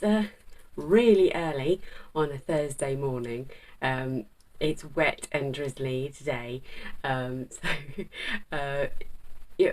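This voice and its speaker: A middle-aged woman talks casually to camera about her sewing. Her voice sits low, and she rambles along with fillers and restarts. The mic is set a little away from her. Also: far from the mic, low-quality recording. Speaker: sewing vlogger.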